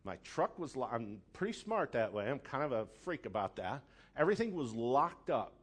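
A middle-aged man preaching a sermon, telling a personal story with dramatic, animated delivery and acted-out outbursts. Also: mid-range voice, moderate pace. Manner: animated, dramatic storyteller who acts out his own angry outbursts. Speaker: pastor.

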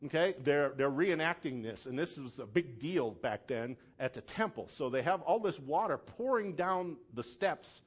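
A pastor preaching a sermon, casual asides and checking in with the congregation, building to loud emphatic peaks. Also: male voice, fairly high pitch, animated, normal speed, hardly any pauses, husky. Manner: conversational asides, checks in with "okay?".

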